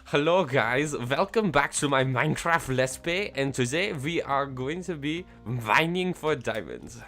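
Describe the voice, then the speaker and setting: A man's voice: mid-range voice, expressive, measured pace, bright, forceful tone, faint music behind. A man putting on an overdone Swedish accent. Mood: chirpy. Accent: put-on Swedish. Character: exaggerated Swedish-accented male gamer greeting viewers.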